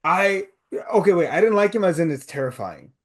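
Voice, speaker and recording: Blunt, slightly high-voiced podcast man. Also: expressive, fairly quick. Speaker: podcast co-host. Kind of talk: casual film review chat.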